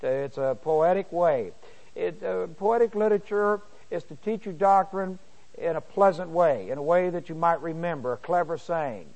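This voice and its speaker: A middle-aged man leads a Bible lesson in a voice pitched a little high. He reads the verses slowly and with care. He clears his throat often between points. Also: a little mellow. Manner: slow, deliberate reading of verses, frequent throat-clearing. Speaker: Bible teacher.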